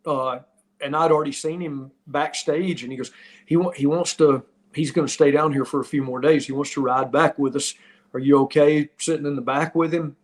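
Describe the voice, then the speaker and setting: Speaking at an even, moderate pace in a higher-than-average voice, this fifty-something podcast host spins lively tales from his wrestling past during casual conversation. He laughs frequently as he goes.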